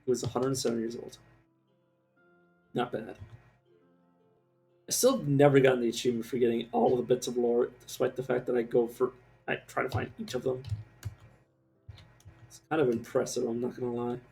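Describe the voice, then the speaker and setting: A man's voice: medium pitch, little pitch movement, a little fast, gravelly, long pauses, mellow, soft background music. A man streaming a game live, rambling casually and mocking himself as he plays, swearing now and then. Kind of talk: casual gameplay commentary.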